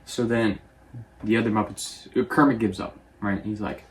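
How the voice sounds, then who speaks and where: Low-voiced young man recapping a movie. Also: fairly even intonation. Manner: rambling, offhand, quotes characters in quick voices. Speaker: movie reviewer.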